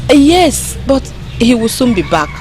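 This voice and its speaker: A woman's voice: fairly high pitch, very animated, unhurried, a little mellow, faint music behind. An actress with a Nigerian accent playing a cheerful young bride-to-be greeting her fiancé in a film. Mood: delighted. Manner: bubbly, pleasantly surprised.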